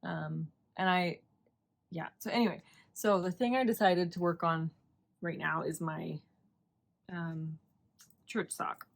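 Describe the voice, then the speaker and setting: A woman's voice: lowish voice, steady tone, takes it slowly, vocal fry, pauses often. Chatty woman hosting a knitting podcast. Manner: chatty, rambling, laughs often. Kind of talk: casual chat.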